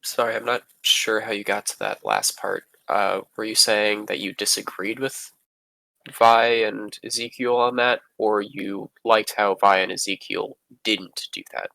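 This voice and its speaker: A man playing in a tabletop game, asking quick questions to check details. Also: fairly low pitch, fairly even intonation, vocal fry, pushed and bright, dry recording, rough recording. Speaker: player. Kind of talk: casual tabletop game chat over voice call.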